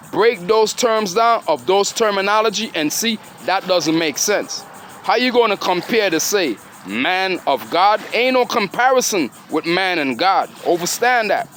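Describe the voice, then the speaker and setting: A man's voice: sits high, fairly bright tone, a little hiss or hum. A man delivering a rambling, grandiose monologue, preachy and full of rhetorical questions. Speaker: self-styled spiritual speaker.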